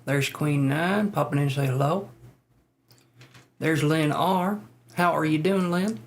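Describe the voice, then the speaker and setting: A man's voice: a little high, a little slow, slight background noise. A man hosting a live tarot reading stream, chatting casually, greeting viewers by name and joking about himself.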